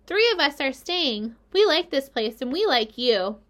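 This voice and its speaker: A woman's voice: high-pitched, big pitch swings, a little slow, a bit bright, voice pushed up, heavily acted. A woman voicing a tiny, polite young female spider in a small, chirpy voice.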